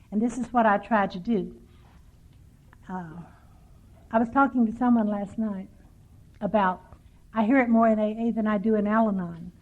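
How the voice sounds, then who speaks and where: An older woman from Texas speaking at a recovery workshop, telling stories with dry, self-mocking humor. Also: mid-range voice. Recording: tinny lo-fi 1990s tape.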